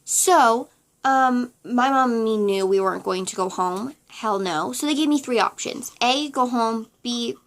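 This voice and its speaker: A young woman vlogger telling a story in casual chat, sassy and chatty, acting out quotes with big jumps in pitch. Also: fairly bright tone.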